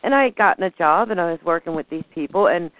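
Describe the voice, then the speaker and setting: A woman's voice: lowish voice, animated, quick pace, no echo. Woman, outspoken storyteller, dry phone-line sound. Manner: open, outspoken storytelling with laughter. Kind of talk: casual chat. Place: Florida.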